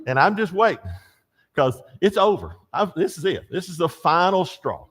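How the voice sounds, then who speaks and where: A man's voice: sits high, moderate pace, husky. An older man teaching a church Bible class, telling stories and asking the class questions. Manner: storytelling, animated, asks the class questions.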